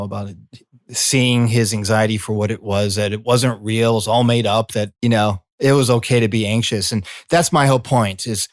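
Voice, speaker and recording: A middle-aged man, a coach and former healer, speaking in a slow, soothing reflective monologue. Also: medium pitch, no room sound, clean studio sound. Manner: slow, soothing, drawn-out phrasing. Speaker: coach and former healing practitioner.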